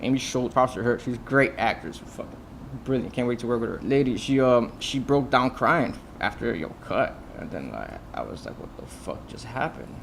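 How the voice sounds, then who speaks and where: A man's voice: medium pitch, sing-song, normal speed, gravelly, a bit bright, slight background noise. A man, a film director, telling stories from his shoots in a loose, casual way, with lots of "like", "you know" and swearing. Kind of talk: casual podcast storytelling.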